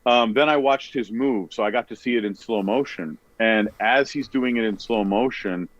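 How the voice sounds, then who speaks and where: A comedian on a podcast who rambles, corrects himself and tells stories in casual chat. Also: male voice, medium pitch, moderate pace, no room sound. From Canada. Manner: rambling, self-correcting storyteller. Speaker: comedian guest. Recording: dull, dry podcast audio.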